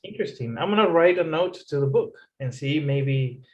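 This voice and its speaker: A man's voice: fairly high pitch, animated, moderate pace, muffled recording. A man teaching an English lesson, patiently repeating phrases and explaining rising intonation. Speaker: English tutor.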